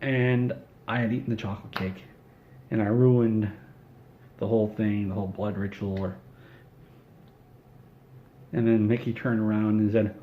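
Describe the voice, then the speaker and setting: A man's voice: fairly low pitch, little pitch movement, measured pace, pauses often, phone-quality sound. A man telling an absurd comedic story in a rambling, offhand way. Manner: rambling, offhand, with fillers and restarts.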